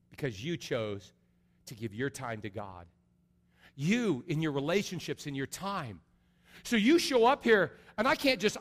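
A middle-aged man preaching an earnest sermon as a pastor, going from soft and low to loud and high. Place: large church sanctuary. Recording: long reverb of a large hall.

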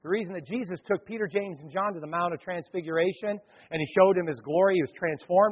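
A man preaching a sermon to a congregation, telling a story with lively acted-out crowd voices. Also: high-pitched, quick pace, slightly rough. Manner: animated, acts out crowd voices. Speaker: pastor. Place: church hall. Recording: dull lo-fi hall recording.

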